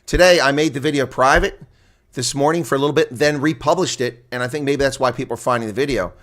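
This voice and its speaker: A man doing live reaction play-by-play of a rugby match, leaping up in excitement at big plays. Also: medium pitch, quick pace.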